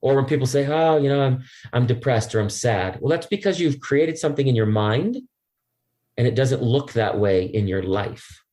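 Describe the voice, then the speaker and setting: A middle-aged man, a podcast guest, telling stories in a lively, jokey way. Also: medium pitch, normal speed. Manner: lively and jokey, acts out quoted voices. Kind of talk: animated storytelling.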